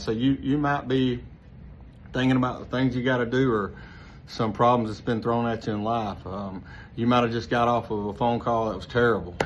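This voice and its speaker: A man with a relaxed, rambling manner, giving casual sales training full of fillers and restarts. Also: medium pitch. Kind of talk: casual instructional talk. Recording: slightly dull lo-fi with faint noise.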